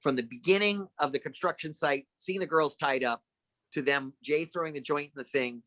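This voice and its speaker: A middle-aged man with a bright, forward voice, spinning animated anecdotes as a podcast guest. He jumps into the voices of the people he quotes. The sound is close and dry, with no room around it. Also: on the high side, normal speed, no room sound. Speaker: guest actor. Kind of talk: casual podcast storytelling.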